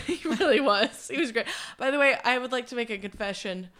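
A woman's voice: a little high, brisk, fairly bright tone. A young woman, a podcast co-host, telling a story in casual chat, acting out quotes and swearing freely.

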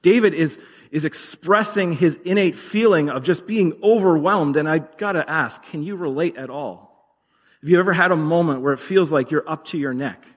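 A man's voice: fairly high pitch, moderate pace. A man preaching a sermon in a conversational, earnest way, with dramatic readings of scripture. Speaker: pastor. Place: church hall. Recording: reverberant hall.

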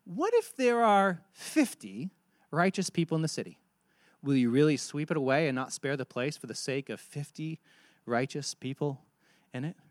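A man preaching a sermon, telling a Bible story and acting out its dialogue with animated delivery. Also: mid-range voice, a little fast, no echo, clean studio sound. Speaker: pastor.

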